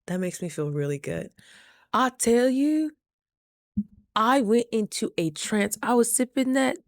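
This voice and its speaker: A woman in her thirties telling a story in a chatty, animated way, acting out her own quotes in a higher voice. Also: no room sound, studio quality. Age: 30s. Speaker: vlogger. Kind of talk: casual storytelling. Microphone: studio mic.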